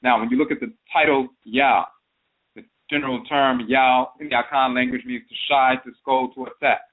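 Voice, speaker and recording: A man's voice: mid-range voice, fairly even intonation, moderate pace. A man hosting an internet radio talk show, explaining terms methodically in a lecture style, listing one variant after another. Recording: phone-line audio.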